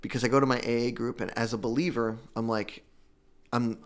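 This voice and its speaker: A young man telling his own recovery story in an earnest, halting way, repeating words and fighting back tears. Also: mid-range voice, flat delivery. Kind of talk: emotional personal testimony.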